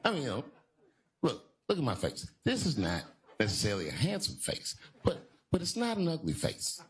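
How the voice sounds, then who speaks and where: A man's voice: huge pitch swings, brisk, husky. A man doing a stand-up set, self-mocking and acting out others in his stories. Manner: self-mocking, with sudden jumps in pitch. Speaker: stand-up comedian. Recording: live club with loud crowd.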